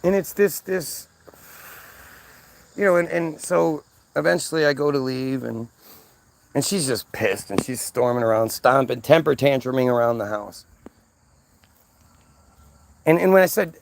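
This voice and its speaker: A man's voice: medium pitch, unhurried, gravelly, pauses often. A man telling a story in a casual, exasperated rant, swearing freely and restarting often. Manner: exasperated, profane, lots of restarts. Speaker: vlogger.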